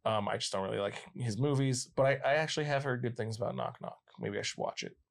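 A man in his late twenties talking casually about movies. He laughs easily and slips into playful impressions when he retells a story. His voice sits at an ordinary middle pitch. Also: fast talker, gravelly. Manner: chatty, laughing, acts out quotes in funny voices.

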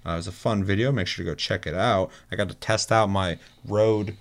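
A man's voice: fairly low pitch, brisk. Laid-back swearing man chatting with friends. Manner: laughs at himself, swears, animated storytelling. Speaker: podcast host. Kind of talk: casual chat.

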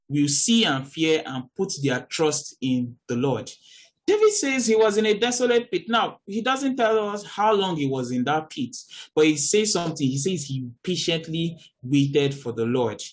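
A young man with a Nigerian accent, preaching a sermon in an earnest, animated way that jumps to high exclamations. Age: young adult.

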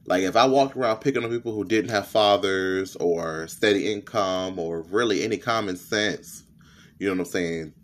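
A young man with a lisp, hosting a candid, profane personal podcast monologue. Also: fairly low pitch. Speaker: podcast host.

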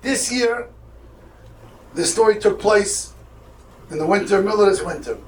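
A man's voice: high-pitched, unhurried, slight background noise. A man, acting out the voices as he tells a story at a camp. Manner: animated storyteller, acting out dialogue with sudden loud bursts. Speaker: camp speaker. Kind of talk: storytelling talk. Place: camp hall. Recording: echoey room, mic far off.

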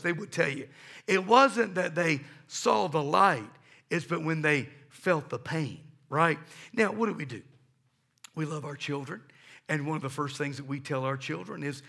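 A man's voice: high voice, gravelly, sharp tone. A middle-aged man preaching a sermon, telling stories and calling for responses from his congregation. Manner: emphatic, storytelling preacher. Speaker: pastor.

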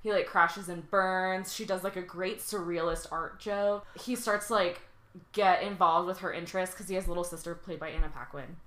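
A woman tells the story of a movie in loose, joking podcast chat, her speech full of asides and casual swearing. Her voice is a little low but bright and forward. The room adds a clear echo around her. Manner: animated, profane storytelling with quick asides. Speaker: podcast guest.

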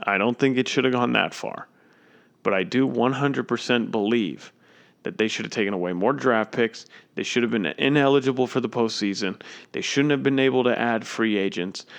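A man's voice: mid-range voice, moderate pace, creaky. Indignant man ranting about sports. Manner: indignant, emphatic, repeats himself. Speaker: sports commentator. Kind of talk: opinionated sports rant.

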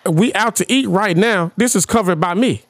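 A young man hosting a podcast, telling a story in casual chat, animated and profane, firing rhetorical questions at his co-hosts. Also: high-pitched, normal speed, no echo, studio quality. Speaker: podcast host.

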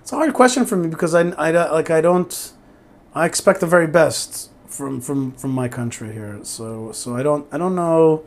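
A man raised in the US talking casually as an interview guest, animated and repeating himself as he restarts. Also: normal speed. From born in Israel, raised in the US. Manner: animated, repeats words and restarts, emphatic swings in pitch.

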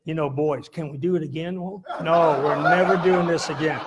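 A middle-aged pastor telling a folksy, laughing story in a sermon, with sudden loud bursts. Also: male voice, on the high side, steady tone, normal speed, noisy background.

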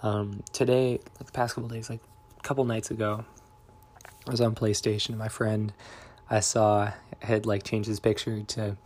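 Low, flat-voiced young man musing. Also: moderate pace. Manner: reflective, meandering, soft-spoken. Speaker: vlogger. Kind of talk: confessional diary vlog.

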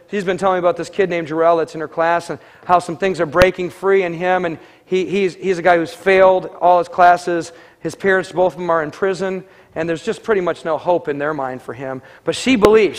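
A man preaching in a conversational sermon, telling a story and acting out the dialogue. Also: high voice. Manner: conversational, animated, acts out quoted dialogue. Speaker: pastor.

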